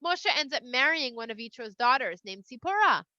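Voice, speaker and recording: A woman's voice: a little high, animated, moderate pace, pushed and bright, no room sound. A woman casually retelling a Torah portion for children in a playful, slangy, conversational way, on a slightly lo-fi recording. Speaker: storyteller for children.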